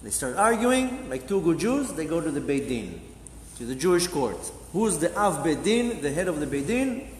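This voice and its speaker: A man's voice: fairly high pitch, big pitch swings, moderate pace, a little hiss or hum. A man, a rabbi, teaching a Torah class and telling a story, acting out the dialogue of its characters. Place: synagogue hall. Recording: echoey hall with faint ambience.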